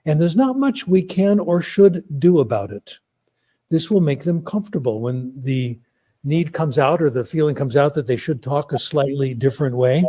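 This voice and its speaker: Older man with a mellow, warm tone and a slightly husky edge, talking in an easygoing, anecdotal way. He makes academic points through conversational stories. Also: a little high, animated, moderate pace. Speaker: guest speaker.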